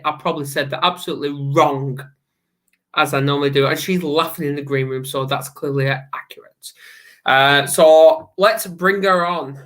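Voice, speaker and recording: A man's voice: fairly high pitch, fairly bright tone. A man hosting a casual talk show, rambling and correcting himself in good humor. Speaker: podcast host. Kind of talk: casual show intro and chat.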